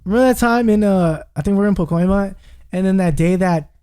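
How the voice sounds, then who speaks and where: A man's voice: high-pitched, fast talker, warm tone, clean tone. A young man telling a story on a casual podcast, acting out quotes and swearing freely. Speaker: podcast host.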